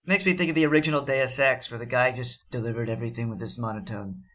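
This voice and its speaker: A man co-hosting a casual podcast, lively and quick to laugh. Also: medium pitch. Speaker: podcast co-host.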